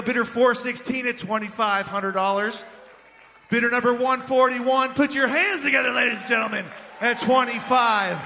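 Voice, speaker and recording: A very high, bright male voice rattles off bidder numbers at a fundraising paddle raise, full of energy and pushing the crowd to clap. His calls ring out across a big ballroom with a long echo, over a faint murmur of the room. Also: a little hiss or hum. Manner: energetic, rapid-fire bidder calls, urging applause. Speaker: charity auctioneer. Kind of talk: live fundraising paddle-raise auction calling. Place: large hotel ballroom at a gala dinner.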